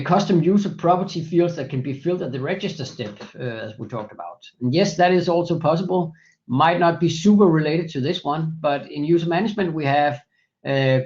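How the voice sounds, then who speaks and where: Man giving a lo-fi software demo. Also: on the high side. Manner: many fillers and restarts, methodical walkthrough. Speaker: software presenter. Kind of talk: screen-share product demo.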